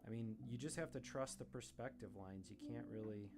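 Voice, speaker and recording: A man streaming his drawing session live, thinking aloud in a relaxed, self-deprecating way as he works. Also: on the low side, brisk. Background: guitar music.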